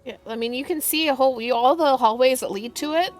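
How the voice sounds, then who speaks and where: A woman's voice: high-pitched, fast talker, faint music behind. A woman as game master, explaining the scene in a laid-back, casual way. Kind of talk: casual tabletop game narration.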